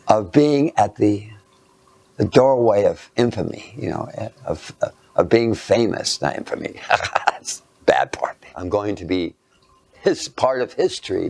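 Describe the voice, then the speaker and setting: A man lecturing through a personal anecdote, halting and self-mocking, dropping into hushed asides. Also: lowish voice, vocal fry, no room sound.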